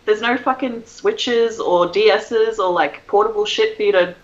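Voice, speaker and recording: A woman's voice: mid-range voice, moderate pace, muffled recording. A woman co-hosting a casual live stream, chatty and swearing loosely. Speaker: co-host of a comics podcast.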